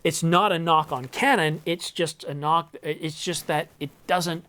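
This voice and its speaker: A man's voice: a little high, fairly even intonation, a little slow, sharp tone. A middle-aged man from Canada, casually answering viewer questions on his filmmaking channel, rambling and correcting himself with dry little jokes. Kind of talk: casual Q&A monologue.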